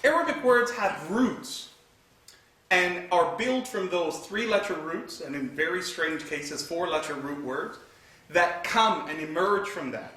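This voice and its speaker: A man's voice: high-pitched, lively intonation, a little slow, pushed and bright. A man giving a religious lecture, retelling scripture vividly and reciting Arabic verses between his English. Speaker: Islamic teacher. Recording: echoey hall from far off.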